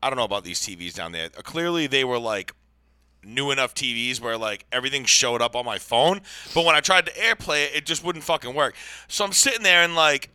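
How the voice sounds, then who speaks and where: A man's voice: mid-range voice, animated, fairly quick, sharp tone, smooth, dry recording. A man co-hosting a casual podcast, telling a story in a profane, laid-back way. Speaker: podcast co-host. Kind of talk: casual chat.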